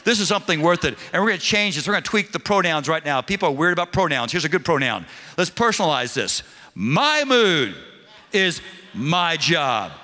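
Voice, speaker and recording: A male pastor preaching a sermon, leading the congregation in call-and-response, then quiet and earnest in prayer. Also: a little high, lively intonation, fast talker, hardly any pauses. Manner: drops to a quiet, intimate prayer tone.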